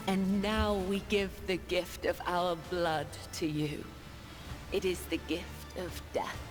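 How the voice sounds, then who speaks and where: Death cult leader, very low voice, unhurried, ritual tone, game score swelling behind. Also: female voice, fairly even intonation, low-quality recording. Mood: solemn. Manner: slow, grave, ritual pronouncements. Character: solemn woman leading a devout assassin cult. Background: game music.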